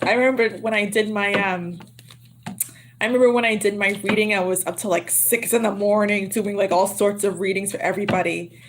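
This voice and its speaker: A woman hosts a tarot reading livestream in a loose, laughing chat with her viewers. Her voice sits in a middle pitch and her throat sounds a little worn. Clear background noise runs under the home recording. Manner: chatty, laughs often, teasing; lowers her voice to a hush. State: throat getting sore. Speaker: tarot reader.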